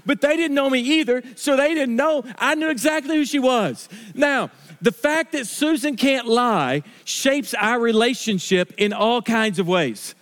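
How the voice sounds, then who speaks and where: A middle-aged pastor with a very high, slightly bright voice preaches a sermon. He tells it conversationally like a story, restarting sentences and slowly stressing key words.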